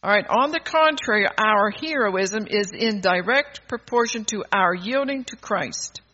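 A woman's voice: medium pitch, animated, a little slow, sharp tone, dull audio. Emphatic woman preaching a sermon. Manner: emphatic, scolding, calls to the congregation.

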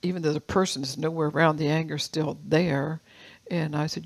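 An older woman pastor preaching a sermon, reading scripture slowly and telling personal stories with laughs. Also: deep voice, fairly even intonation, poor audio.

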